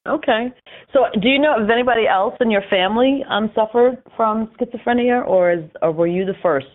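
A woman's voice: fairly high pitch, brisk. A woman interviewing a guest, asking questions and giving brief, attentive acknowledgments. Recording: tinny phone-like line.

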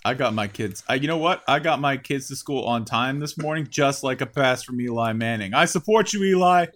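A man's voice: medium pitch, a little fast, fairly bright tone. A man co-hosting a comedy sports podcast, playing announcer and laughing often. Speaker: podcast co-host. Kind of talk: casual comedic chat.

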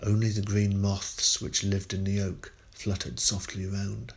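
A man reads a ghost story aloud in a somewhat low voice. His delivery is measured and expressive, dwelling on the tension. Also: creaky. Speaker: story reader.

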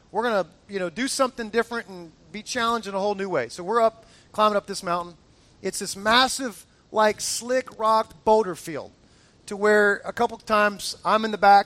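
A middle-aged male pastor preaching a sermon, telling a story with lively acted-out quotes. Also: sits high, no echo. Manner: animated, acts out quotes in the story.

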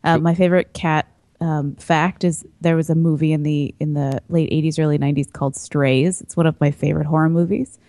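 Woman, 30s, podcast guest; low-pitched, mellow, dry close sound, chatty with fillers. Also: fairly even intonation, fairly quick, no echo. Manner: chatty, laughs easily, trails into fillers. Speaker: podcast guest, coffee importer. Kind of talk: casual chat.

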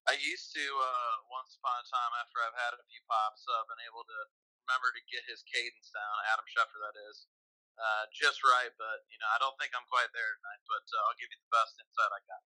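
A man's voice: mid-range voice, flat delivery, fairly quick, sharp tone, no echo, rough recording. A man speaking as a podcast guest, casual and dry-humored, hesitating with frequent fillers. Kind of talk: casual interview chat.

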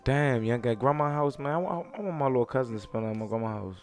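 A man's voice: medium pitch, expressive, fast talker, darkish tone, faint music behind. A man co-hosting a podcast, chatting casually in a laid-back, rambling way, with plenty of swearing. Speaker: podcast co-host. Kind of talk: casual chat.

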